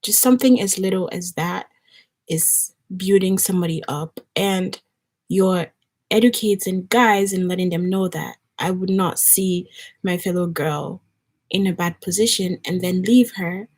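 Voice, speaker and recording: A woman's voice: lowish voice, a little slow, a little mellow. A young woman from Nigeria, chatting earnestly to the camera as she gets ready and tells a story. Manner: earnest, storytelling, lots of likes and restarts. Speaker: vlogger. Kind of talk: casual chat while getting ready.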